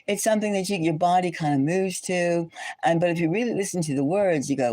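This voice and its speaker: A woman's voice: lowish voice, fairly quick, mellow, dry recording. A woman hosting a livestream chat, talking in a rambling, indignant way with many restarts, fillers and rhetorical questions. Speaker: tarot channel host.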